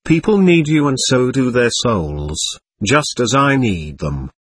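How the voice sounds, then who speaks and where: A man voicing a vast, fatherly male angel who speaks in soft, comforting tones. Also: medium pitch, animated, a little slow, slightly rough, dry recording, studio quality. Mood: tender.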